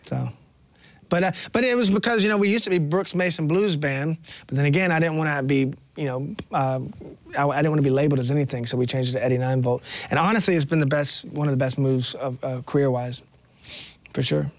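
A man's voice: on the high side, fairly even intonation, quick pace, dry recording. A man from Georgia, a musician guest in a radio studio, chatting in an easygoing, rambling, self-deprecating way. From Georgia, USA. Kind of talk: casual interview chat.

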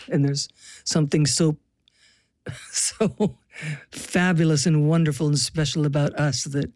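A woman's voice: low voice, a little mellow, no echo, studio quality. An older woman from the US Pacific Northwest, a musician guest telling stories in an interview with a wry, reflective manner. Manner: reflective, wry storytelling with laughs. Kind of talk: interview conversation.

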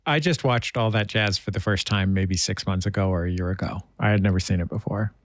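A man's voice: deep voice, brisk, few pauses, no echo, studio quality. A man from San Francisco hosting a radio interview, conversational and self-deprecating. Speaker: radio show host.

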